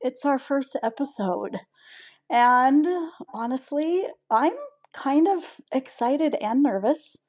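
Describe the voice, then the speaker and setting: A woman's voice: sits high, dark tone. An American woman in her sixties, co-hosting a podcast with chatty, self-deprecating humor and frequent giggles. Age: 60s. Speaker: podcast co-host. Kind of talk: casual chat.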